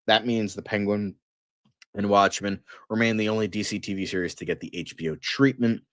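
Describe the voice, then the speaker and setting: A man hosting a casual fan news livestream, excitable and rambling, with lots of fillers and frequent swearing. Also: fairly low pitch, brisk, no echo, clean studio sound.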